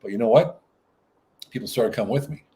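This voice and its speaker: Brief: male guest, quick, salty anecdotal talker, mid-pitched. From United States. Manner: lively storyteller, blunt and profane. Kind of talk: casual conversation.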